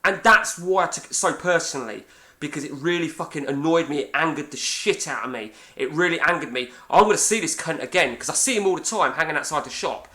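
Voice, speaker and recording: A man's voice: on the high side, fast, bright, forceful tone. A man in his forties with an English accent, chatting casually and swearing freely while playing a game and telling a rambling story. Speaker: gaming channel host. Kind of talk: casual chat over a game session.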